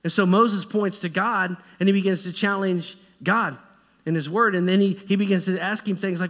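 A male pastor preaching with a high, lively voice. He moves between plain storytelling and acted-out lines, and the sound hangs in a long church reverb. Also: normal speed. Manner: conversational, animated preaching with acted-out quotes. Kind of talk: sermon. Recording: echoey church hall.

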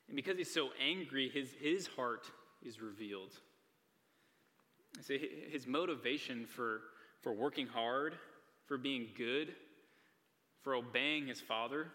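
This young man's mid-range voice has a sharp edge as he preaches to a live audience in a church hall. He's earnest yet casual, often tossing in "like" and "right?" The recording carries a long hall reverb.

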